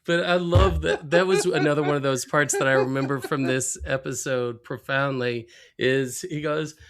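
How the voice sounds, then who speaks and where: A man co-hosting a casual podcast, relaxed and enthusiastic, laughing often as he recaps a cartoon episode. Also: medium pitch, moderate pace, a crowd in the background. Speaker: podcast co-host.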